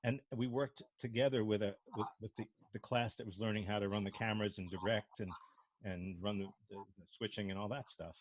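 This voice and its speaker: Low-voiced older man with a faint Brooklyn accent. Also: fairly even intonation, fairly quick, lo-fi sound, a little hiss or hum. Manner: rambling storyteller with restarts. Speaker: improv instructor. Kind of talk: casual discussion.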